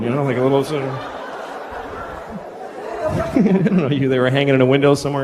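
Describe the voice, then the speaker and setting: A middle-aged man performing stand-up comedy on stage, telling stories in an animated, incredulous way. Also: medium pitch, normal speed, pauses often, a crowd in the background. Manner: animated, incredulous storytelling with swearing. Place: comedy stage before a live audience. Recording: live stage recording with background noise.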